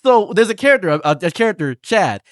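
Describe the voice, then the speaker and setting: Brief: lively, slightly high male host, dry close mic, excitable stammering ranter. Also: a little fast, no room sound. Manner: animated, laughing, stammering restarts. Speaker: podcast host. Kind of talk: casual commentary chat.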